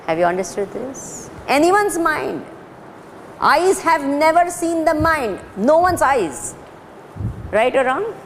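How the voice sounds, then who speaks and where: A woman's voice: high voice, sing-song, slow pace. A woman with an Indian accent giving a spiritual lecture in a hall, questioning her listeners and slipping Hindi into English. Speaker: spiritual teacher. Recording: hall reverb, faint ambient noise.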